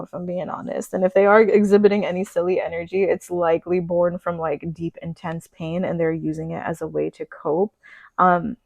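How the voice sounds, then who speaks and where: A non-binary reader giving a casual pick-a-card reading, chatty and gushing, with many fillers and soft spiritual talk. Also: mid-range voice, vocal fry, no room sound, low-quality recording.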